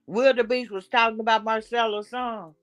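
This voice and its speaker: A woman hosting a casual chat, blunt and animated as she gossips. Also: a little high, moderate pace, dry recording. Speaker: show host.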